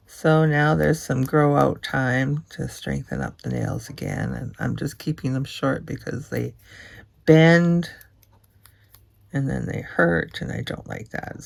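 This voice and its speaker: A woman's voice: a bass voice, creaky. A woman craft vlogger chatting casually as she works, often murmuring to herself and dropping into a whisper.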